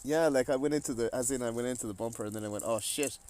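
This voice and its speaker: An Irish man chatting casually with his wife, animated as he tells a story and quotes other people. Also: mid-range voice, very fast, slight background noise. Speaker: co-host, husband. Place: garden outdoors. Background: faint outdoor ambience.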